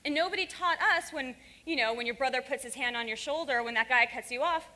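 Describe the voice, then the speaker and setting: A woman speaking on stage with a high, bright and forceful voice, fiery and blunt, swearing freely. The sound rings with the long reverb of a large conference hall. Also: brisk. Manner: fiery, frank and profane. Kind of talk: stage talk to a live audience.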